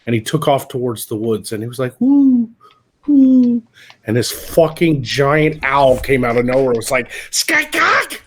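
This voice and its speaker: A man hosting a live stream, chatting casually and telling animated, profanity-filled stories. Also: medium pitch, brisk, hardly any pauses. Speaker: stream host. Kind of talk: casual chat.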